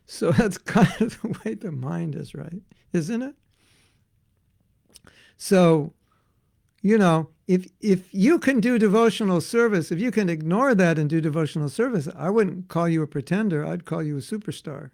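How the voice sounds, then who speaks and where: A male spiritual teacher giving a devotional class in a loose, conversational way, breaking into voices as he goes. His voice sits a little high for a man and has a rough, gravelly fry. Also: moderate pace. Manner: animated, conversational, acts out voices. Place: Alachua, Florida.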